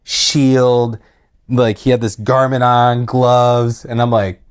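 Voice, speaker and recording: A man on a podcast, telling a personal story in a casual, animated way that sometimes drops low and quiet. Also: slow, clear, resonant tone. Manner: animated, laughing retelling that drops to quiet, heavy tones.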